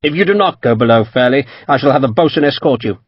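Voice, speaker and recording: A man's voice: mid-range voice, expressive, fast talker, no echo, highs cut off, natural voice. A man voicing a stern, hard-bitten ship captain who gives curt, commanding orders. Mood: cold.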